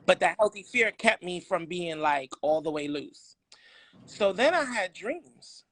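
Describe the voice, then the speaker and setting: A middle-aged man from New York City, a podcast guest telling candid personal stories in an animated, emphatic way. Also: high voice, a little slow.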